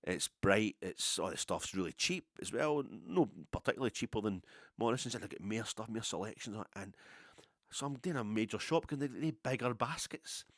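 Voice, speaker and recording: A middle-aged Scottish man with a very low voice rambles through a story at his own expense. His casual talk is dotted with swearing. The recording is close and dry. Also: expressive, normal speed, fairly bright tone, dry recording. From Scotland. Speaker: podcast host.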